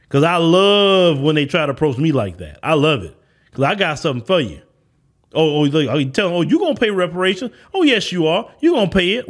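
Guy with a pretty high voice ranting on his podcast, blunt, repeats himself for emphasis. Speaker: podcast host. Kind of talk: opinion monologue.

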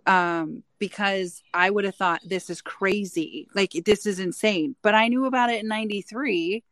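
Woman, 40s, from Nevada, guest, chatty, mimics voices in her stories, medium pitch, dry close sound. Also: moderate pace, a bit bright, dry recording. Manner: chatty, acts out quoted dialogue. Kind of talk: casual chat.

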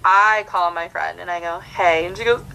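A woman's voice: fairly low pitch, moderate pace, creaky, a little hiss or hum, low-quality recording. A young woman from the United States, a comedian, telling a story in casual podcast chat and acting out the people in it. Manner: animated, acts out the people in her story. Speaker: comedian guest.

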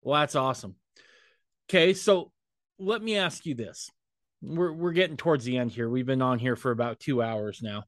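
A man's voice: medium pitch, normal speed, no room sound, studio quality. A man hosting a podcast interview, chatting casually and encouraging his guest to talk. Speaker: podcast host.

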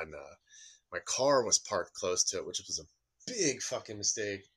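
A man, a podcast guest, telling an urban exploring story in a casual, animated way, swearing freely and acting out the people in it. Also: low voice, moderate pace. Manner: animated, swears a lot, acts out voices.

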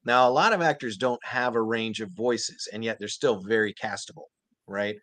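A man, a voice actor guest, telling stories in an animated, earnest way during a casual interview. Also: fairly low pitch, normal speed, dry recording.

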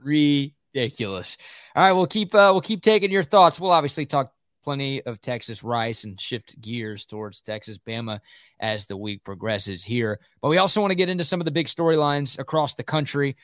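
Male sports-show co-host, mid pitch, forceful opinions, dry close mic. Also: brisk, dry recording. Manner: opinionated, emphatic. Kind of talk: casual sports talk.

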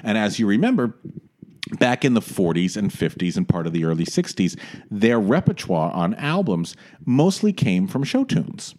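A man co-hosting a podcast, chatting casually in an animated, theatrical way and breaking into snatches of song. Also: lowish voice, normal speed. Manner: animated, theatrical storyteller who sings snatches. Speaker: podcast co-host. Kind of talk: casual chat.

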